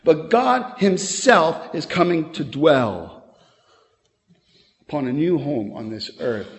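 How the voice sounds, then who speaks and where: A pastor delivers his sermon with earnest conviction, building to emphatic peaks before dropping into quick, chatty asides. He is a man with a somewhat raised pitch. His voice rings out through a church sanctuary with a long, lingering reverb. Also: animated.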